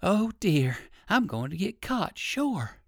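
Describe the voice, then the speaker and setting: A man voicing a kindly, excitable old gentleman rabbit in a children's storybook reading, with high fluttery exclamations. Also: normal speed, vocal fry, no echo, studio quality, exaggerated voice. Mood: anxious.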